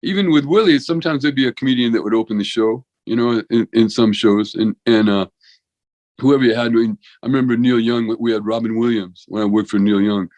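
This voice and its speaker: On a dry, low-quality recording, a veterinarian-comedian in his sixties guests on a podcast, telling meandering stories with frequent restarts and plenty of "you know." He speaks fairly quickly in a medium-pitched, darkish voice.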